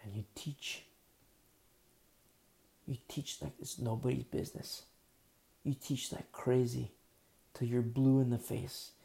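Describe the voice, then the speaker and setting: A man preaching a sermon, emphatic and repetitive, who drops to near-whispers and then rises loud again. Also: medium pitch, fairly even intonation, takes it slowly, vocal fry, long pauses.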